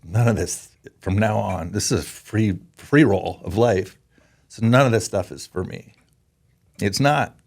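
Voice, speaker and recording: Speaking unhurriedly in a lowish voice with vocal fry, a Canadian former pro hockey player in his forties guests on a podcast for a candid interview. He comes across as earnest and emotional, frequently breaking off and beginning again.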